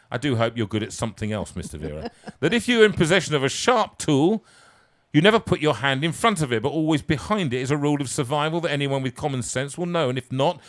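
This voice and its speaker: A man reading his own story aloud live, with wry, self-mocking asides. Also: medium pitch. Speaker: singer and storyteller.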